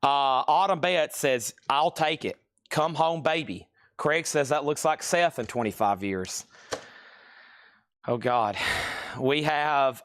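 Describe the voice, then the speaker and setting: A man's voice: fairly high pitch, takes it slowly, a bit bright. A man hosting a live vinyl sale stream from a record shop, reading off titles and prices and exclaiming at rare finds. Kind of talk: live-stream sales patter.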